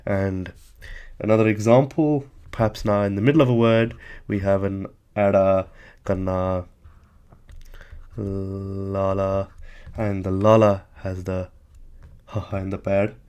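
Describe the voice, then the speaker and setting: A man's voice: lowish voice, fairly even intonation, normal speed, a little mellow, clear, resonant tone, dull audio. A man teaching a language lesson, explaining patiently and methodically, often hedging with "sort of" while he writes examples on a board.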